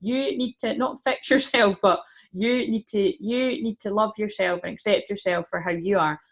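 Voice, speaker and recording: A woman's voice: mid-range voice, steady tone, normal speed, fairly bright tone. A woman giving a casual tarot reading, chatty, swearing freely and laughing often. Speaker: tarot reader.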